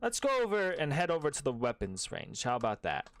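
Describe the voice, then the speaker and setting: A man playing a smooth male arms salesman. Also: medium pitch, big pitch swings, fairly quick. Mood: salesy.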